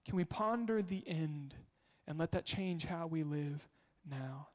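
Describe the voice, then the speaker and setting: At a measured pace and with a slightly high voice, a male pastor delivers a sermon, telling family stories in a conversational manner and asking his congregation rhetorical questions. The recording carries a long hall reverb.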